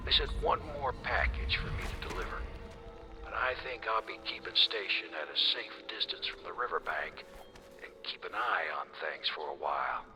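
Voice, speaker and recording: A low-voiced wary boatman in a video game, folksy, music playing under him. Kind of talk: game dialogue.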